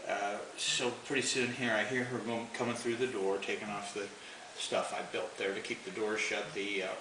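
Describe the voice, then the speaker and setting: In a lowish voice with flat delivery and moderate pace, a man spins a lengthy, meandering folksy tale, chuckling as he goes. It's captured in a noisy home recording that sounds roomy and far off.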